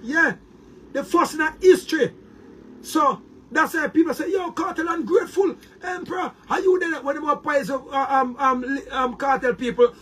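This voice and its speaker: A man's voice: extremely high pitch, normal speed, fairly bright tone, slight background noise. A Jamaican man delivering a heated, boastful monologue to his viewers, repeating words and restarting often. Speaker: online commentator.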